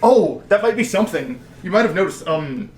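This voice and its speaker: High-voiced man describing a fantasy scene. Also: animated, brisk, a little mellow, recorded from a distance. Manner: descriptive, searching for words. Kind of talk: describing a scene in a tabletop game. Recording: echoey room, faint noise.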